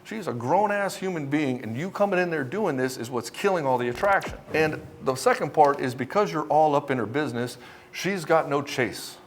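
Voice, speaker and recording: A man's voice: a little high, expressive, moderate pace, slight background noise. A man coaching other men on relationships, talking straight to the camera in a blunt, confrontational way, swearing often and mimicking the men he criticizes. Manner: mocks men by mimicking them. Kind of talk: direct-to-camera coaching talk.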